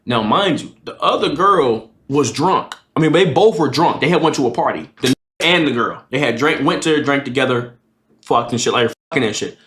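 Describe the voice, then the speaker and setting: A man's voice: mid-range voice, lively intonation, moderate pace, a bit bright, reverberant, a little hiss or hum. A man streamer telling a casual storytime in a slangy, profane way, acting out the people in his story.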